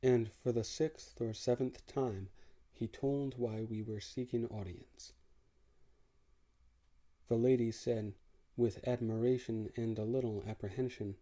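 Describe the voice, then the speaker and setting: A man narrating an audiobook in the first person, in a measured, wry way. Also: mid-range voice, fairly even intonation, warm tone.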